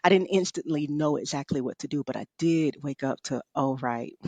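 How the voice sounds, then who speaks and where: A middle-aged woman and author, a guest telling a personal story in a conversation, expressive, laughing often and saying "you know" a lot. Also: sits low, normal speed, no echo. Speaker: author and rest coach, guest.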